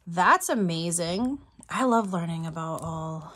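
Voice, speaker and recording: Excitable woman vlogger at home, chatty, giggly, mid-pitched, casual unboxing talk. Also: unhurried, husky. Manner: excitable and giggly, self-teasing. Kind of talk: casual unboxing chat, reading card aloud.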